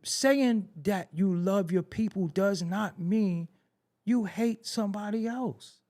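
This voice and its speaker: A New man hosting a podcast, his voice sitting notably high for a man. He rants in fired-up commentary, repeating lines for emphasis and throwing out pointed rhetorical questions. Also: takes it slowly, darkish tone. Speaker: podcast host. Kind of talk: heated opinion commentary.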